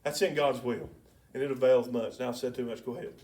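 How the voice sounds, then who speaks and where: A man preaching in a church, telling a story in a colloquial, excitable way with sudden loud bursts. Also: medium pitch, fast talker, recorded from a distance. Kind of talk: sermon with storytelling. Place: church sanctuary.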